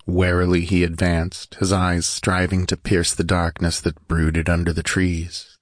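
A man reading an adventure story aloud as narrator in a measured, steady way. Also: low-pitched, no room sound, studio quality. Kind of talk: scripted audiobook narration.

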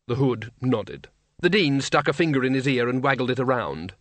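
Male audiobook narrator, mid pitch, measured and wry, dry close studio read. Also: animated, no room sound.

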